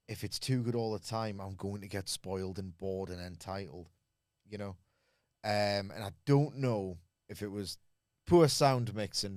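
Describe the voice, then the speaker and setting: A man's voice: on the low side, dry recording, clean studio sound. Wry man reviewing wrestling. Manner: wry, rambling, quick bursts. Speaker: podcast co-host, wrestling reviewer. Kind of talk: casual chat review.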